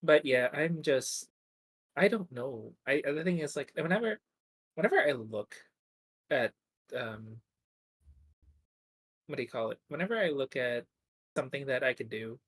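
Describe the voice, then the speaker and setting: A woman with a deep voice in casual stream chat, rambling and restarting her sentences. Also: expressive, unhurried, long pauses, breathy edge, poor audio.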